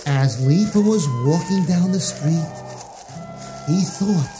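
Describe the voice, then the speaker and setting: A man narrating a rhyming children's story in a sing-song, expressive way. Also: a little high, slow pace. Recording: music playing behind.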